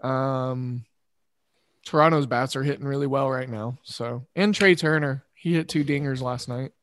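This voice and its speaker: A man hosting a casual chat show, thinking aloud in a measured way with pauses and fillers. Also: medium pitch, fairly bright tone, no echo, clean studio sound. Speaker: podcast host.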